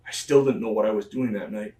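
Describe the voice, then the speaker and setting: Low-pitched guy rambling through old stories, lots of "you know", sounds far from the mic. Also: fast, warm tone. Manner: rambling, filler-heavy retelling of past conversations. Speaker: interview guest, professional wrestler. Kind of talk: conversational storytelling interview. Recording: echoey room, mic at a distance.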